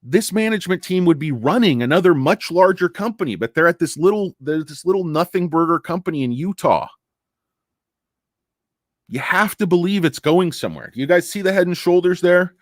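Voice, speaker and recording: A tired man rambles through a casual stock market show, joking and poking fun at himself. His pitch jumps all over the place, and the sound is dry and close to the mic. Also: lively intonation, a little fast, no room sound. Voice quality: rambling, joking, self-deprecating. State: tired from lack of sleep. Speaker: stock market commentator host. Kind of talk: casual livestream talk.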